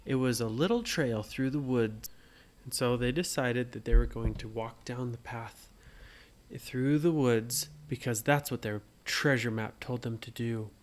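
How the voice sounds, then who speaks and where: Speaking at a medium pitch, a man slowly makes up a bedtime story for a child, gently asking the listener questions as he goes.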